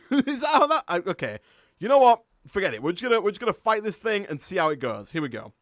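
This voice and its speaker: A man with a Yorkshire accent, his voice sitting a little higher than most men's, gives chatty live-stream commentary over a game. He thinks aloud and laughs often. The recording is dry and close, with almost no room sound. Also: big pitch swings, fast talker, a bit bright, no room sound. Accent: Yorkshire English. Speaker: gaming streamer.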